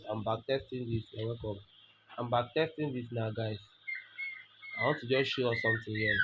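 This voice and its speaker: A man giving a trading lesson over a screen recording. He is emphatic, repeats his points and keeps asking rhetorical questions. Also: medium pitch. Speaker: trading tutor. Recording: dull lo-fi recording with faint noise.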